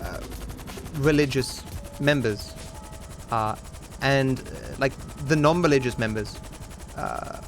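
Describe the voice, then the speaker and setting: A man's voice: medium pitch, slow pace, pauses often, slight background noise. A young Australian man livestreaming a speedrun, talking casually in a rambling, opinionated way full of fillers and restarts. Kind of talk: casual stream chat while gaming. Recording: home mic with game music and gunfire behind. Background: game music and gunfire.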